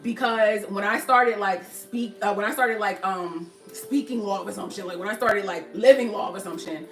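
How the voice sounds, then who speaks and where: A woman's voice: mid-range voice, normal speed, recorded from a distance, soft background music. A woman in her twenties from Philadelphia with a Philly accent, chatting casually and animatedly to her livestream viewers. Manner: chatty and animated, laughing often, talking straight to viewers. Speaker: livestream host. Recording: roomy and set back from the mic.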